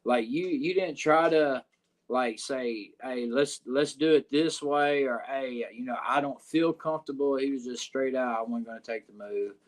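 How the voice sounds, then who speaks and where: A man's voice: medium pitch, normal speed. A man with a Southern US accent telling a locker-room story in a podcast interview, cursing often and rambling with fillers. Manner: profane, rambling, frequent "uh" and "you know what I'm saying". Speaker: wrestler guest.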